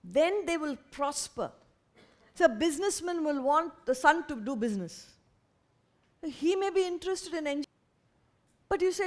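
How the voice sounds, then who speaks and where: A woman speaks to an audience in an earnest, lively way. Her voice sits a little high, and she slips into quick imitations of parents now and then. It is a spiritual talk, delivered in a lecture hall.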